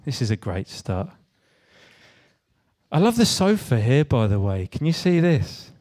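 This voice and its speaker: Slightly slow and sing-song, his medium-pitched voice has a darkish tone. A young West Country Englishman, he jokes and swears through a casual stand-up style creative talk, bantering self-deprecatingly with the live audience at an event venue.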